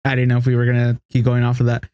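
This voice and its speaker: Podcast co-host, male, lively anecdote teller, close dry mic. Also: rapid-fire, clean tone, no room sound. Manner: animated storyteller, acts out quotes in a higher voice, laughs often. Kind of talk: casual chat, storytelling.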